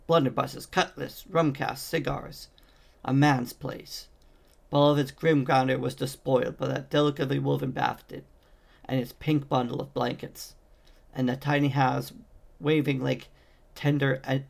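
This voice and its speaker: Reading fantasy fiction aloud, this amateur male narrator stumbles now and then and frequently restarts. His voice is mid-range and creaky.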